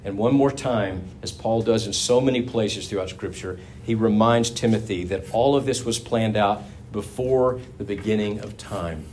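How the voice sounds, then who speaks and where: A man's voice: fairly low pitch, moderate pace, a little mellow, a little hiss or hum. A man preaching a sermon to his congregation in a conversational, folksy manner, with asides to the listeners.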